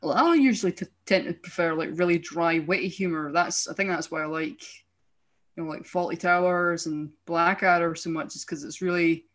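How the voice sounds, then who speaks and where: A young adult with a Scottish accent chats casually on a podcast, using a medium-pitched, fairly bright voice at a moderate pace. The talk rambles animatedly, with frequent restarts.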